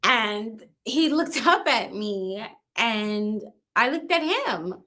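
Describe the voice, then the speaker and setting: A woman in her fifties giving an emotional personal account as an interview guest, halting and restarting, often repeating small tags. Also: fairly high pitch, very animated, bright, forceful tone. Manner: halting, restarts and repeats "you know what I mean".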